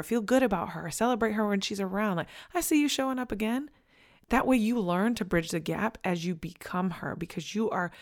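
A woman in her thirties giving a candid, emphatic motivational talk to camera, swearing casually and leaning on fillers. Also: low voice. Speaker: vlogger.

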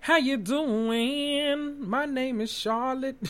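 A man's voice: very high voice, drawn-out words, a bit bright, voice pushed up, exaggerated voice. A man putting on the voice of a chatty, sassy lady who introduces herself. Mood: playful.

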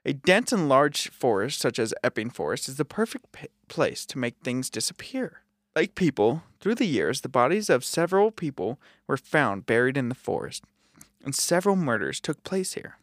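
A man's voice: mid-range voice, big pitch swings, moderate pace, dry recording, studio quality. A man co-hosting a podcast, casually reading spooky forest history aloud with offhand asides. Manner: reads aloud with asides and swearing. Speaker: podcast co-host. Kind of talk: casual reading of ghost stories.

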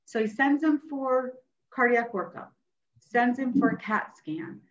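Woman guest, nurse practitioner, animated storyteller; muffled, roomy recording. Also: fairly high pitch, a little slow. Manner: animated, acts out what others said. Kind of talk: personal storytelling in an interview. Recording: roomy, dull sound.

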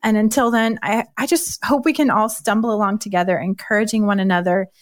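A woman's voice: mid-range voice, fairly even intonation, fairly quick, no room sound, studio quality. A woman guest on a podcast, bubbly and encouraging, laughing often as she talks. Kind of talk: casual interview chat.

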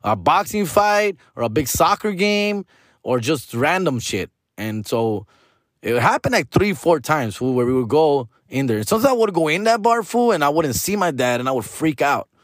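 A man's voice: on the high side, very animated, moderate pace, no echo, studio quality. A man in his forties with a Chicano Los Angeles accent tells a story in a casual, profane monologue. He mixes in Spanish, rambles, restarts his sentences and keeps calling the listener "fool" and "dog". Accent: Chicano English from Los Angeles.

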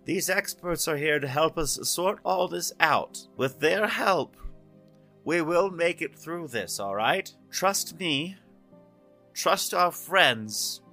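A man voicing an anxious male town leader who gives a halting speech to a crowd in a tabletop game. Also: on the high side, expressive, pushed and bright, soft background music, voice pushed up, exaggerated voice. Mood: rallying. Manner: halting, anxious, repeats himself.

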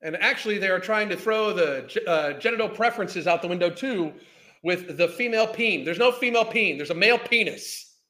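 A man's voice: sits high, animated, a little fast, pushed and bright. A man, ranting in a heated, profane, scornful way as a podcast host. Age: 50s. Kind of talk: ranting commentary.

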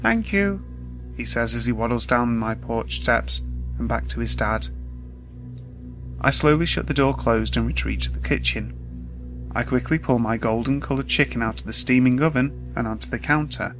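A man reading a scripted first-person horror story in a steady, measured way, with faint music behind. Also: mid-range voice, poor audio.

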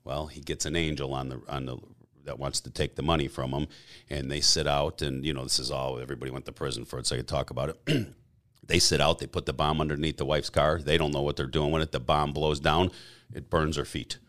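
A middle-aged man telling stories as a podcast guest in a casual, rambling way, often clearing his throat. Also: very deep voice, fairly even intonation, fairly quick, fairly bright tone. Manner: rambling, frequent throat clearing, acts out quoted dialogue. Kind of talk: casual storytelling.

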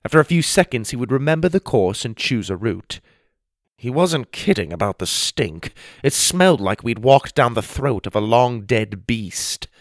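A man narrating a children's fantasy story in the first person, expressive storybook narration. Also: medium pitch, normal speed, no room sound, studio quality. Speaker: audiobook narrator.

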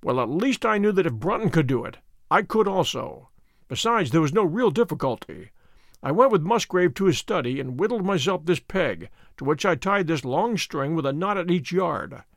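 An actor playing a sharp, methodical detective, recounting a case with precise, measured storytelling in a radio drama. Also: male voice, a little high, dry recording, clean studio sound. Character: Holmes, sharp methodical male detective narrating.

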